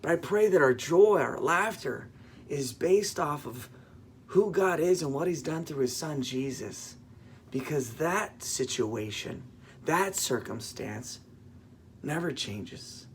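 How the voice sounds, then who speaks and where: A man's voice: on the high side, animated, slow, slight background noise. A man, a pastor, giving a casual devotional and telling a humorous everyday story with fillers and self-corrections.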